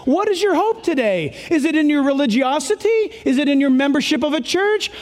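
A man's voice: extremely high pitch, darkish tone, long reverb tail. A male pastor preaching a sermon, emphatic and conversational, full of rhetorical questions.

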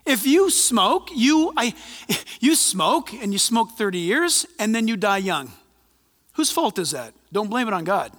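A male pastor preaching a sermon in an animated, conversational way, with asides and humor. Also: high-pitched, unhurried, big-room sound. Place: church.

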